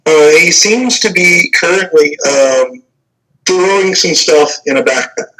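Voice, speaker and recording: A man narrating as game master, halting, with many fillers. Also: on the high side, bright, forceful tone, poor audio.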